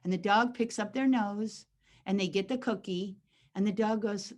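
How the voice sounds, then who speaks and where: A woman dog trainer leading a teaching Q&A session over a video call, animated, acting out little dialogues, with frequent restarts. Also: medium pitch, moderate pace.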